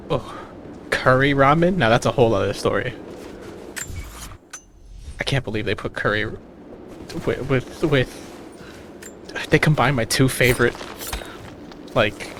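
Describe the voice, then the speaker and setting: A man's voice: mid-range voice, fairly bright tone, slight background noise. An American man streaming a game and chatting casually, often restarting his sentences, swearing freely and laughing easily. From United States. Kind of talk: casual gaming chat.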